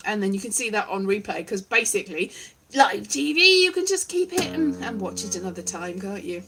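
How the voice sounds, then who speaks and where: A woman's voice: medium pitch, very animated, fairly quick, sharp tone. A woman in a wry, self-deprecating, meandering casual monologue, vlogging with a guitar strummed in the background.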